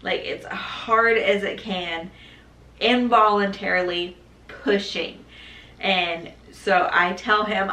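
A young woman tells her birth story to her viewers, casual and animated. Her voice is bright and clear. She sits back from the mic in a room with noticeable echo. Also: medium pitch, slow. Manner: animated, acts out quoted voices, laughs. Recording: echoey room, mic at a distance.

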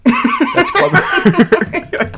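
A man's voice: very high voice, wildly swooping pitch, extremely slow, heavy background noise. A man co-hosting a casual podcast, giggling and restarting his sentences often. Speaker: podcast co-host. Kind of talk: casual chat.

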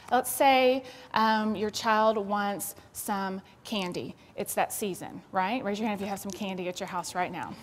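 A woman's voice: mid-range voice, long reverb tail. A woman who is a school administrator, giving a conversational parenting seminar and acting out examples for the audience. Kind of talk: seminar talk. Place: seminar hall.

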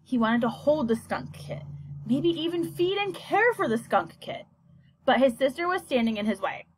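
A woman reading a children's novel aloud as a scripted storybook narration. Her voice is fairly high and very lively in pitch. She reads expressively and evenly. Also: moderate pace, a little hiss or hum. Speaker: audiobook narrator.

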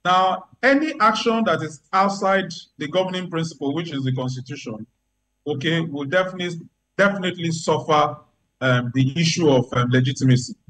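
Male legal commentator, emphatic and lawyerly, voice sits high. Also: fairly quick, a bit bright, low-quality recording. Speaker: legal analyst guest. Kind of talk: remote news interview commentary.

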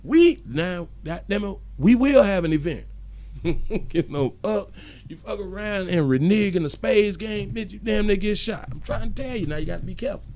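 Gravelly, lively-voiced man hosting a live stream. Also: high voice, moderate pace, a little hiss or hum. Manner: chuckles often, loose and joking. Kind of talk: casual live-stream chat, reading viewer comments aloud.

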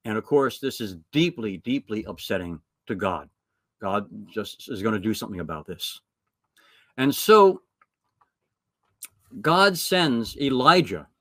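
A man's voice: mid-range voice, very animated, unhurried, sharp tone, no room sound, clean studio sound. Earnest man retelling scripture stories. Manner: earnest storytelling with frequent restarts. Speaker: retreat speaker. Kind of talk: scripture talk.

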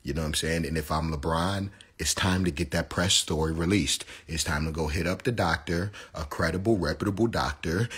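A young man with a very low, husky voice rants on a phone live stream about basketball. His talk is heated, mocking and full of profanity. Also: a bit bright.

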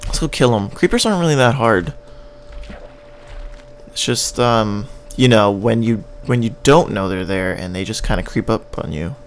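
A man's voice: lowish voice, expressive, moderate pace, a little hiss or hum. A man with a Canadian accent giving casual gameplay commentary, rambling and joking as he plays and now and then humming little tunes. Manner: rambling and joking, hums and scats tunes while playing. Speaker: gaming channel host.

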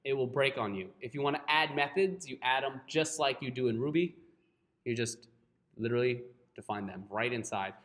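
A man's voice: mid-range voice, normal speed, fairly bright tone. A man teaching a live coding class, who keeps checking in with his students and often apologizes. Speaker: coding instructor.

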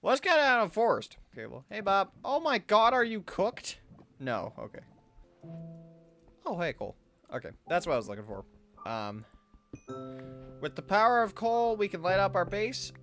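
A young adult playing a video game alone and commenting, excitable, talking to the game's animals and yelping when startled. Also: mid-range voice, moderate pace, long pauses, faint music behind. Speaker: let's play gamer.

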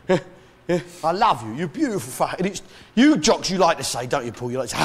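A man's voice: fairly high pitch, big pitch swings, quick pace. An English man doing a stand-up comedy rant with bombastic mock-patriotic bluster, barking out punchlines on a comedy stage. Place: comedy stage before a live crowd. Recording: loud live audience laughter and noise.

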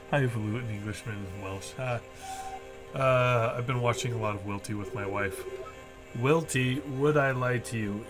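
A man streaming a video game, chatting casually in rambling explanations full of fillers. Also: fairly low pitch. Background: game music.

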